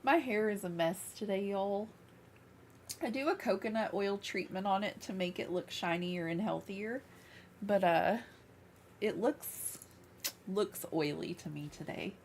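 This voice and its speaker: A woman chatting casually on a live game stream from her room, soft-spoken and giggly, gushing over cute things. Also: mid-range voice, measured pace, slight background noise. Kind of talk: casual livestream chat while playing. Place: her own room, small fan running beside her.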